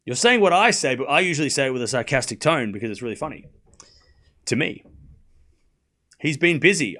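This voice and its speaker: A man's voice: mid-range voice, expressive, fairly quick, pauses often, pushed and bright. A man hosting a live stream, chatting casually, often laughing and joking sarcastically as he reads and answers his chat.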